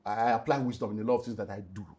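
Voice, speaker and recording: A middle-aged Nigerian man, a pastor and relationship speaker, giving an emotional personal testimony in an interview. He tells it in a lively way, slips into Nigerian Pidgin, and moves between loud outbursts and hushed moments. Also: on the low side, racing, slight background noise.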